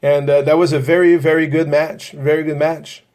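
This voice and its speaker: A man's voice: on the high side, flat delivery, normal speed, darkish tone. A man hosting a podcast interview, asking long, rambling questions full of restarts and fillers. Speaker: podcast host, paranormal investigator.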